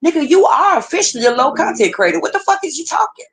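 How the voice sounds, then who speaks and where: A woman's voice: very high-pitched, sing-song, quick pace, a little hiss or hum. Heated, profane woman livestream host. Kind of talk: casual ranting commentary.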